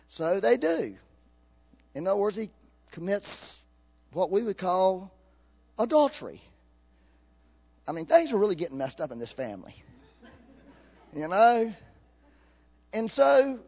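A man preaching a sermon in a folksy, animated way, laughing at his own jokes. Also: high voice, slightly rough, lo-fi sound.

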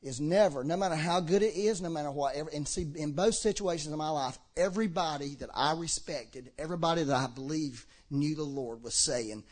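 A man preaching a sermon to a congregation, impassioned, swinging between shouting and low, earnest talk. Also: a little fast, hardly any pauses. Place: church hall with a congregation.

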